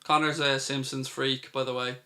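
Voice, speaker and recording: A man's voice: medium pitch, level tone, normal speed, bright, forceful tone. A man from Ireland with an Irish accent, hosting a live football watchalong and chatting through viewer questions. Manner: chatty, reads out viewer questions and answers them. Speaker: host.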